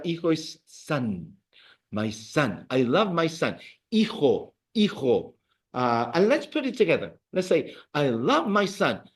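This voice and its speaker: Man, classroom teacher, higher-pitched voice, animated delivery. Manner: patient, repeats words for the class to echo. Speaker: Spanish teacher. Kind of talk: classroom language lesson.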